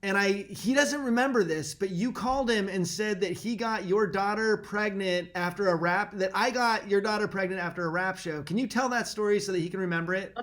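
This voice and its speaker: High-voiced man, casual family chat. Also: brisk, hardly any pauses, a bit bright. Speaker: son prompting stories.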